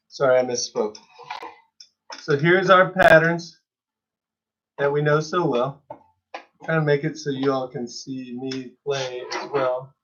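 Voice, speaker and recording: A man's voice: a little high, a bit bright, dull audio. Chatty man teaching drums. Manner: chatty, counting students through exercises. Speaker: drum teacher. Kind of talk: casual online drum lesson. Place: drum studio. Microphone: phone camera.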